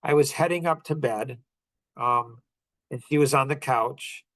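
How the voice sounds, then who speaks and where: A man's voice: medium pitch, measured pace, fairly bright tone, dry recording. A middle-aged man hosting a podcast, telling a personal story in an earnest, heartfelt way, often restarting his sentences. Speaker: podcast host.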